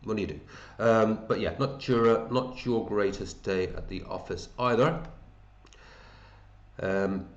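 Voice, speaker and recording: Man, deep voice, casual matey commentary, echoey room. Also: measured pace, lo-fi sound. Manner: chatty, matey, thinks aloud, hums to himself. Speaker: fantasy football league host. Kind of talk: casual commentary over a screen.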